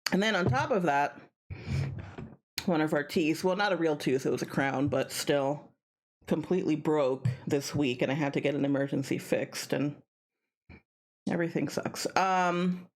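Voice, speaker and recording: A woman's voice: low voice, moderate pace. Tired, rambling woman streamer at home. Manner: rambling, tired, bursts of excited yelling. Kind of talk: casual gaming stream chat.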